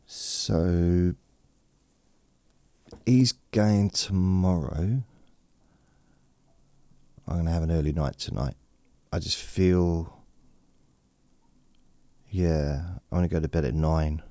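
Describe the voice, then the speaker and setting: A man's voice: sits low, slow, pauses often, dark tone, dry recording. A man hosting a bedtime podcast, rambling in a meandering, self-deprecating way, with his voice edited and processed to sound relaxing. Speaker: podcast host. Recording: processed close-mic studio voice.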